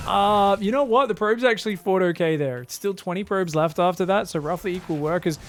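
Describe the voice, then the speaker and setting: A man casting viewer-sent game replays in a casual, joking commentary style, often laughing and getting excited. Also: high voice, brisk, hardly any pauses, a little hiss or hum. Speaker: game caster.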